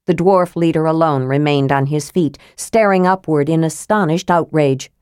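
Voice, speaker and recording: Low-voiced woman narrating a fantasy. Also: normal speed, darkish tone, clear, resonant tone, no echo, studio quality. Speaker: audiobook narrator.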